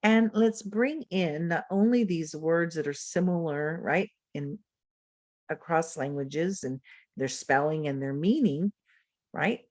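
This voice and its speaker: Lady teaching teachers on a zoom call, kinda low voice, dry sound, acts out example sentences. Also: slow pace, a little mellow, dry recording. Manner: explanatory, modeling words and phrasing for students. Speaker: presenter. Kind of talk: teacher-training webinar lecture. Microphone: computer mic on a video call.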